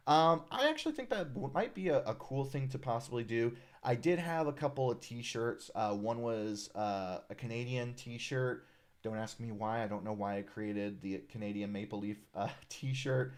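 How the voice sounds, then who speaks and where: Hosting a casual live stream, the designer of a character art project speaks in a mid-range voice at normal speed. His chat is loose, relaxed and friendly, packed with "uh"s, and he reads viewer comments out loud.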